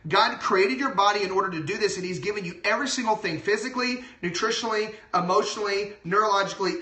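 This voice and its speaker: A man who is a doctor talking casually and excitedly on a livestream, full of asides. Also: high-pitched, echoey room. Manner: excited, chatty, lots of asides. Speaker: doctor giving health advice.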